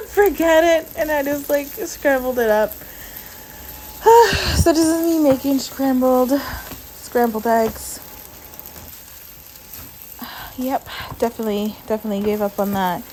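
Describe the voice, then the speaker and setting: A woman with a voice set a little high, speaking in a casual vlog voiceover while lying down at home. She sounds emotional and stressed, sighs often, and keeps reaching for "like" between her thoughts. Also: slight background noise, low-quality recording. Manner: soft, sighing, frequent "like" fillers. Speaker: vlogger. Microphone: voiceover mic.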